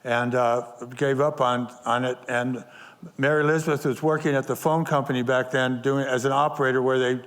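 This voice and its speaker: A man's voice: medium pitch, steady tone, brisk, fairly bright tone. An older man, a guest musician, telling a rambling story in an interview with lots of fillers and restarts.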